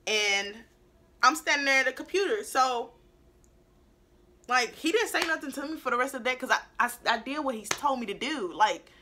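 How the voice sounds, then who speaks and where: Bright-voiced young woman, blunt storytime. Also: moderate pace, slight background noise. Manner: animated, blunt and profane, swinging between loud outbursts and low asides. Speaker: beauty vlogger telling a story. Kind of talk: casual storytime monologue.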